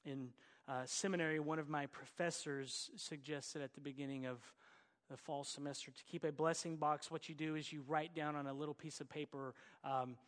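A man's voice: a little high, steady tone, normal speed, long reverb tail. A middle-aged man from Oklahoma with an Oklahoma accent, preaching a sermon in an earnest, exhorting way with folksy asides. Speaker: pastor.

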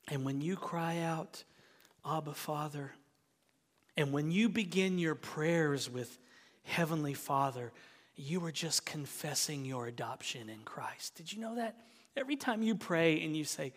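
A man preaching a sermon as pastor, earnest, his voice swelling loud and then dropping low. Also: expressive, unhurried. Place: church sanctuary. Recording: long church reverb.

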